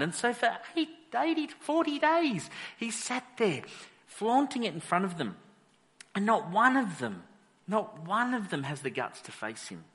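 A pastor preaching a sermon, telling the story with animated energy and acting out the characters. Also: male voice, sits high, unhurried, big-room sound. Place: church hall.

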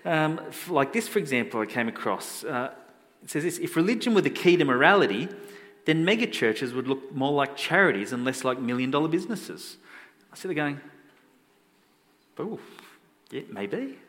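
A man's voice: on the high side, brisk. Man preaching casually in a reverberant hall. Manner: conversational, self-deprecating, animated when quoting. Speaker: pastor. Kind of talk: sermon storytelling.

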